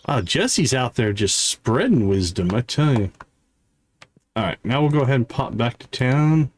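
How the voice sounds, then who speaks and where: A man hosting a livestream, chatting casually with fillers and quick asides as he plays. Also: mid-range voice, big pitch swings. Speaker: livestream host. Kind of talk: casual game commentary. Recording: faint game music behind.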